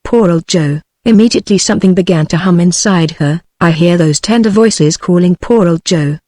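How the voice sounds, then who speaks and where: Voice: mid-range voice, moderate pace, no room sound. Dry text-to-speech audiobook narrator. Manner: even, mechanical reading.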